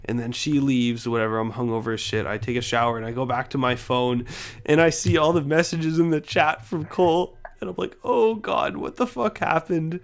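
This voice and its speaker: A young man talks in a laid-back way on a podcast, voice at a middle pitch. He jokes crudely and swears as he recounts an embarrassing story. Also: fairly even intonation, brisk, hardly any pauses, clean tone. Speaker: podcast co-host. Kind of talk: casual chat.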